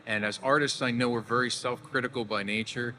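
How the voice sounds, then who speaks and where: A man's voice: medium pitch, fairly even intonation, a little fast, bright, forceful tone. A man moderating a live convention panel, asking questions casually and directing the audience. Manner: casual, loosely organized questions. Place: large convention hall. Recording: reverberant hall with faint noise.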